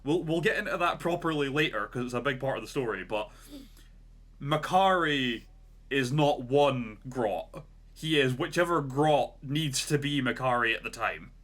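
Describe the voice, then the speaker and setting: A male podcast co-host telling a long story in loose, casual chat. His voice is bright and forceful, in a middle pitch range. He rambles and leans on fillers like "like" and "right?". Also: moderate pace.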